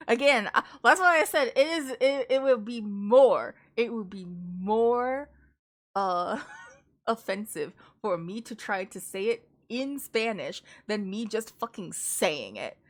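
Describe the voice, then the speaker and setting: A woman's voice: fairly high pitch, expressive, slow pace. A woman casually reviewing books on a live stream, chatty and rambling, with frequent laughs and restarts. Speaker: book streamer.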